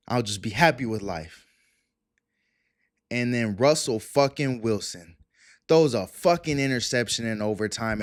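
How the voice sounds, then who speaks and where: A man's voice: fairly low pitch, no echo, studio quality. A man in his twenties hosting his own sports show, ranting in a casual, profane, fired-up way. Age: 20s.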